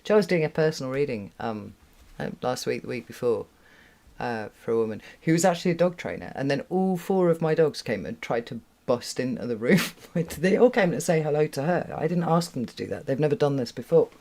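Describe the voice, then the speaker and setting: A woman's voice: rumbling low, expressive, fairly quick, dark tone. Chatty British woman, laughing often. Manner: chatty and rambling, laughs often, swears freely. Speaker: tarot reader hosting a live stream. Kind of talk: casual live-stream chat. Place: room at home with a window.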